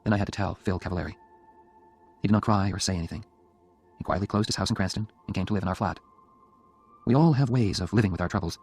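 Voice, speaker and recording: A man narrating an audiobook in the first person, in a quiet and subdued way. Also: low voice, fast talker, long pauses, husky, soft background music.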